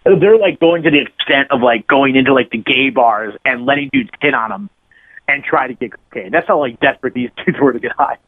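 A man's voice: medium pitch, lively intonation, brisk, breathy edge, dry recording. A man telling a long, profane story as a podcast guest, rambling and full of "like" fillers. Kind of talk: casual anecdote storytelling. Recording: narrow phone-line sound, dry.

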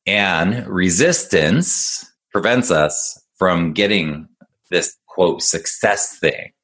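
A man's voice: low-pitched, expressive, extremely slow, a bit bright. A man working as an executive functioning coach, explaining ideas to a young listener in an upbeat, casual conversation. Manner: upbeat, explanatory, talks to kids.

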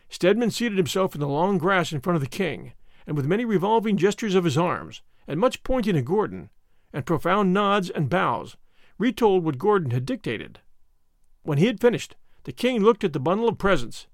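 A man narrating an adventure audiobook in a measured, expressive storytelling manner. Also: sits high, creaky, no echo, studio quality.

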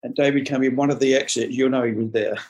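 A man's voice: medium pitch, steady tone, quick pace, darkish tone, slight background noise. Rambling male interview guest. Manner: rambling, many fillers and restarts. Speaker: interview guest, rock guitarist. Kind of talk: recorded interview.

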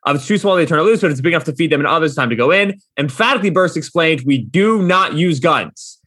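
A man's voice: a little high, lively intonation, fast talker, a bit bright, breathy edge, no room sound, studio quality. A man co-hosting a sports podcast in casual chat, reading quotes aloud in an emphatic, joking way. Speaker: podcast co-host.

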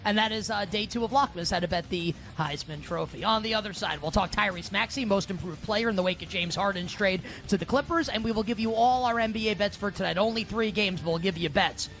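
A man with a high, gravelly voice who talks quickly as he hosts a sports betting show. He steers between segments briskly, with faint music under him. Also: fairly bright tone, a little hiss or hum. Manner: brisk, upbeat segment wrap-ups. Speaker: podcast host. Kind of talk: casual sports talk hosting.

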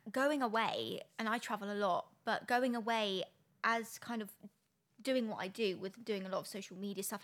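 A woman's voice: medium pitch, fairly bright tone. A woman, co-hosting a podcast in casual chat, talking freely with lots of fillers. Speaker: podcast co-host, influencer.

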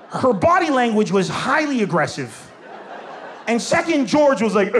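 High-voiced man doing animated stand-up. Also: a little hiss or hum. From Lebanon. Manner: animated, acts out characters in loud shouts. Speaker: stand-up comedian. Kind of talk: stand-up comedy storytelling. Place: large venue with a live audience. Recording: echoey hall with crowd laughter.

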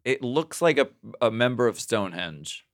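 A man co-hosting a podcast in casual chat, bantering and animated, loud one moment and muttering the next. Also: mid-range voice, normal speed, no echo, studio quality. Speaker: podcast co-host. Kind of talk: casual chat, reading listener emails.

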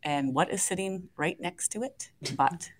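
A woman's voice: fairly low pitch, measured pace, noisy background. A middle-aged woman, a radio co-host, telling a story with lots of laughter and acted-out voices. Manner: lively, laughing, acts out voices in her story. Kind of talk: animated storytelling on morning radio.

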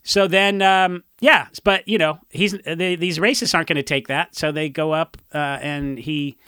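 A punk musician rambles through stories on a podcast, circling back with fillers and quick laughs. His voice sits a little high and sounds bright and forward. The recording is close and dry. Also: fairly even intonation, clean tone, dry recording. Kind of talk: casual chat.

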